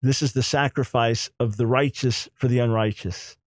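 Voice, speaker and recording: A man in his sixties hosting a radio talk show, talking emphatically and in quick, animated bursts. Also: medium pitch, no room sound.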